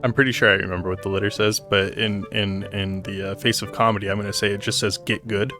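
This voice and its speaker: A man's voice: fairly low pitch, level tone, fast, pushed and bright, faint music behind. A man co-hosting a let's play in casual chat, dropping dry wisecracks.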